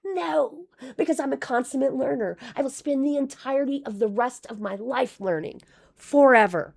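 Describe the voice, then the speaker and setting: A woman with a high, gravelly, slightly mellow voice talks at normal speed while live-streaming casual commentary. She reads donations in a rambling, profane style, restarting often, and is clearly losing her voice.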